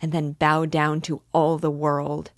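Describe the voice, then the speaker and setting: A devout young woman implores with fervent urgency, read by a woman. The voice is low and unhurried, with a dry, close sound. It is an audiobook reading. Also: little pitch movement, no room sound. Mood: urgent.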